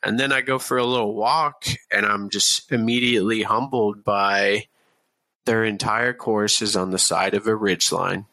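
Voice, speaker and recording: A man's voice: lowish voice, fairly even intonation, normal speed, sharp tone, dry recording. A man in his thirties telling a story on a podcast in a laid-back, casual way, with plenty of fillers and swearing. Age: 30s. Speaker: podcast guest.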